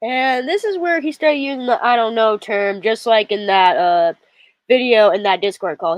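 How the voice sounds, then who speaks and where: Chatty host, loose filler-heavy commentary, dry mic. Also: female voice, mid-range voice, no room sound. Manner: rambling, filler-heavy, talks to viewers. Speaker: show host. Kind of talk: casual commentary over a played clip.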